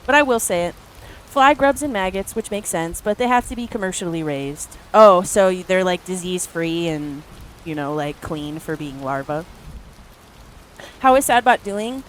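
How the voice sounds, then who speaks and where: A woman's voice: on the low side, animated, moderate pace, slight background noise. A woman streamer chatting casually to her live viewers, rambling through stories with lots of filler words and casual swearing. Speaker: art streamer.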